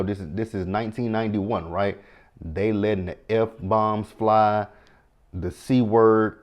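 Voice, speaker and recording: A man, casually recapping a TV episode and talking straight to his viewers. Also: lowish voice. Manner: chatty and animated, talks to viewers directly. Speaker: TV show recap host.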